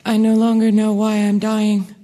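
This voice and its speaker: An actress playing a frightened, defiant young woman in a radio play, speaking quietly and haltingly. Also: medium pitch, monotone, close to an everyday voice. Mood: resigned. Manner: quiet, halting, dictating a farewell. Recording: long hall reverb.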